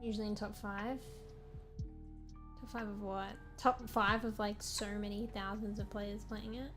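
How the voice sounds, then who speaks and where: A tired woman streamer chats casually with her viewers over game music, rambling playfully and often correcting herself. Her medium-pitched voice is flat and a little slow.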